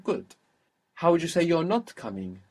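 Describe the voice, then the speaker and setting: A man's voice: a little high, very animated, moderate pace, a little mellow, slightly rough. A man teaching a spoken language lesson, patiently prompting and praising his student.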